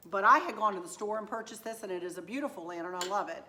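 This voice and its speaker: A hoarse woman chatting casually to her viewers as a home decor vlogger, gushing and affectionate, rambling from one thought to the next. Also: medium pitch, quick pace, bright, forceful tone.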